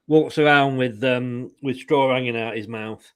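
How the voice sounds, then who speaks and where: A man's voice: mid-range voice, a little slow, clear, resonant tone. Swearing, exasperated male guest. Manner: exasperated, swears a lot, grumbles. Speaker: guest on fan watchalong. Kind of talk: casual match chat.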